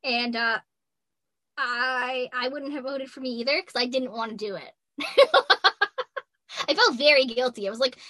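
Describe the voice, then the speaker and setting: Giggly high bright young woman. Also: unhurried, no room sound. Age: 20s. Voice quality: youthful-sounding voice. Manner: giggly, laughs often while talking. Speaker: voice actress guest. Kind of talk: casual interview chat.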